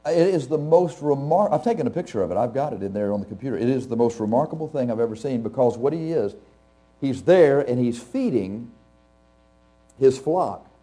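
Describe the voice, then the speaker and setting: This mid-range male voice is expressive, brisk and mellow. He's a pastor addressing a live congregation in a chatty, story-filled manner, frequently chuckling and putting questions directly to the listeners.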